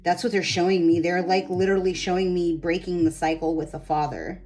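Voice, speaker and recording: Low-voiced woman guiding an energy session. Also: steady tone, fairly quick, faint music behind, rough recording. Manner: meandering, full of ums and likes; gently instructive, guiding a client. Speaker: spiritual energy healer. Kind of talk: guided energy healing session.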